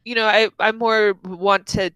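A woman's voice: medium pitch, little pitch movement, unhurried, clear, resonant tone, dry recording, poor audio. Musing woman podcaster, dry mic. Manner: musing, thinking out loud, laughs easily. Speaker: podcast co-host and player. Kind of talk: casual podcast discussion.

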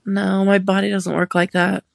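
Mom on a podcast, kinda low gravelly voice, dry mic, deadpan and swears casually. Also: female voice, moderate pace, dry recording. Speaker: podcast co-host. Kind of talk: casual chat.

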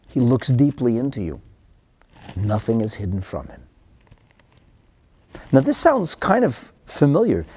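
A man teaching a husky voice that swings widely in pitch, rising high when stressing a point and sinking to a hushed whisper. He mixes in in style, sounding like a spirited study-hall lecture. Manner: animated, drops to whispers for emphasis. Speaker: Torah teacher. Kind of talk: lecture on a religious text.

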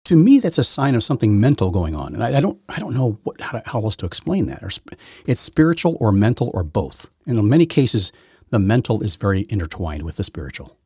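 A man's voice: on the low side, sing-song, fairly quick, darkish tone, slightly rough, no echo, studio quality. A man hosting his own podcast, giving rambling, opinionated solo commentary full of restarts and repeated words. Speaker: podcast host.

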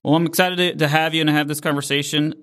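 A man's voice: fairly high pitch, steady tone, quick pace, fairly bright tone. A man hosting a business podcast, welcoming his guest and asking loose, friendly questions. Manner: friendly, asks rambling questions with "you know". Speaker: podcast host.

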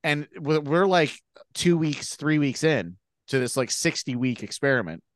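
A man with a Canadian accent, co-hosting a podcast, telling a reality-show story in a lively way and swearing freely. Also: on the high side, moderate pace, dry recording, studio quality. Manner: animated storyteller, acts out quotes, swears freely. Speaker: podcast co-host. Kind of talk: casual chat, retelling a reality show.

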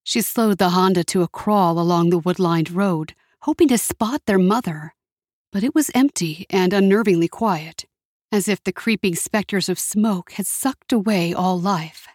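A woman reading a story aloud in a steady, measured narration. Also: fairly low pitch, dry recording, clean studio sound.

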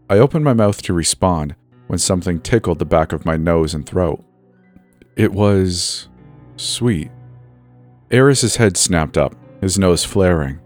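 A man reading a horror story as a scripted first-person narration, measured and sometimes drifting soft and slow. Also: deep voice, animated. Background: faint music.

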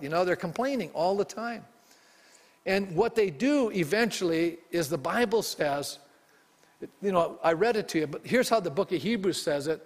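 A pastor preaching a sermon with emphasis and frequent questions put to the congregation. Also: male voice, high voice, animated, moderate pace, big-room sound.

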